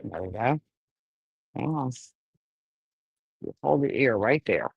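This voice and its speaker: A woman's voice: a bass voice, animated, slow pace, creaky, husky, no room sound, dull audio. A woman breeding dogs, casually livestreaming while she firmly coaxes a wriggling puppy, talking in a folksy way. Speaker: dog breeder.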